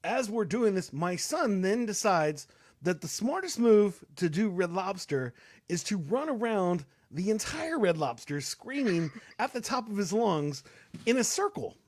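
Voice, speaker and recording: A man's voice: high voice, big pitch swings, a little slow, no echo. Rambling young man telling a story. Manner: rambling, many fillers and restarts. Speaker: co-host. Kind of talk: casual storytelling.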